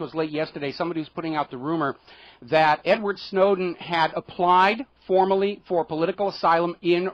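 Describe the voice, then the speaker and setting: A man's voice: on the high side, dry recording, muffled recording. A middle-aged American man hosting a radio talk show, editorializing solo with an indignant, sardonic manner.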